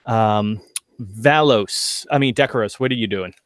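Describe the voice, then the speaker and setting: A man running a tabletop role-playing game as game master, narrating in a relaxed way with lots of fillers. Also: lowish voice, a little slow, no echo, studio quality. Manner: relaxed, filler-heavy narration with frequent laughs.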